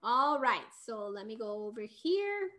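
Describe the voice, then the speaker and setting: Soothing, fairly high-voiced woman giving parenting advice. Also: big pitch swings, measured pace. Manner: explanatory, frequent "right?" check-ins; soft soothing tone at times. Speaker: parenting educator. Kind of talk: live Q&A advice talk.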